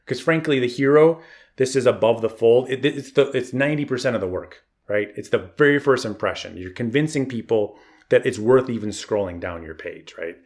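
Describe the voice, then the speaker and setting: A man coaching photographers in a live online webinar, energetic and encouraging, with tough-love advice and chat shout-outs. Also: medium pitch, moderate pace. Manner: reads chat comments aloud. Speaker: marketing coach. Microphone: online video call.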